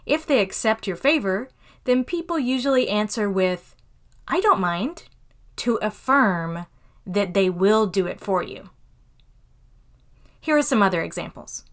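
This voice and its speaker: A woman hosting a podcast English lesson, reading example phrases slowly and clearly. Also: medium pitch, expressive. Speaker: English teacher and podcast host.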